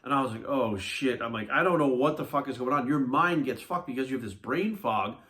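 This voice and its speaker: A man, a fitness coach, telling a personal story in a blunt, animated way with a lot of swearing. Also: mid-range voice, a little fast. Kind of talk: casual monologue to camera.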